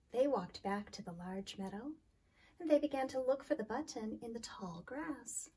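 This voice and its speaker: A woman reading a children's storybook aloud in a slow, expressive way. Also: a little high, breathy edge.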